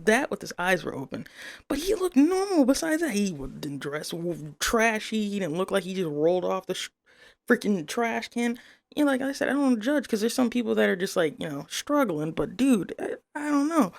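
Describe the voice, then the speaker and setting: A young adult woman rambling through a profane, animated story from her workday in a casual vlog. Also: mid-range voice, creaky, dry recording. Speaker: vlogger telling a story.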